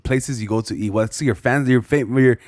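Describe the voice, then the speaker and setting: A man's voice: medium pitch, normal speed, a little mellow, no room sound, clean studio sound. A man co-hosting a casual podcast, blunt and swearing, asking his co-host questions.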